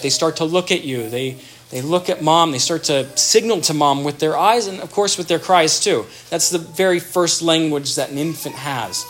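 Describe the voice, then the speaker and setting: Slightly high-voiced man explaining calmly. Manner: thoughtful, with frequent restarts and vivid everyday examples. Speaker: speaker on child development. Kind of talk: explanatory talk.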